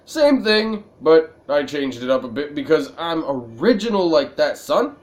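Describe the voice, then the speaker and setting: A man's voice: fairly high pitch, very animated, unhurried. A man casually commenting while playing a video game, a little tipsy, rambling and joking at his own expense. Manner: rambling, self-mocking, laughs at his own jokes. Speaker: gaming video creator. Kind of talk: let's-play commentary.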